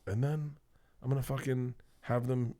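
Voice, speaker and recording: Man, comedian, casual podcast talk, loose and profane, steady voice. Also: medium pitch, moderate pace. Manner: loose, profane, rambling storytelling. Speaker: guest comedian.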